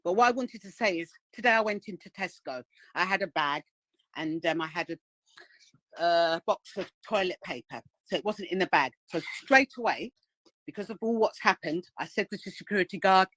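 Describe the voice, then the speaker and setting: A woman's voice: medium pitch, expressive, moderate pace, no echo, low-quality recording. Indignant woman calling in to a live stream. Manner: indignant, acts out the voices of others in her story. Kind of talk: animated storytelling.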